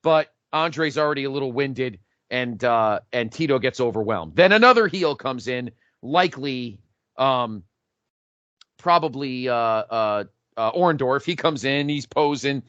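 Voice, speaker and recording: Excitable man with a bright, dull-sounding voice. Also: mid-range voice, measured pace, dry recording. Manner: animated, profane play-by-play storytelling. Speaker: podcast co-host. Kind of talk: excited casual chat.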